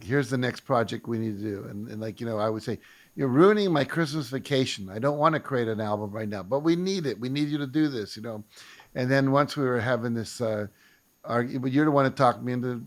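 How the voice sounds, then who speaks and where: An older man hosting a conversational show, speaking reflectively and often restarting his sentences. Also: mid-range voice. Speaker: host. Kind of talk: casual conversation.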